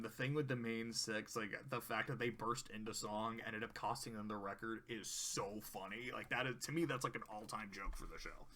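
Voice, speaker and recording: A man's voice: medium pitch, a bit bright, slight background noise. A man casually reviewing cartoon episodes, rambling, laughing often and swearing.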